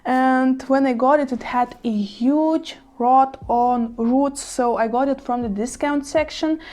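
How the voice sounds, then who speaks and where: Bubbly and giggly, a woman shows off her plants in a casual vlog from home, her high voice a little mellow. She makes apologetic asides and small mistakes, speaking English as a second language.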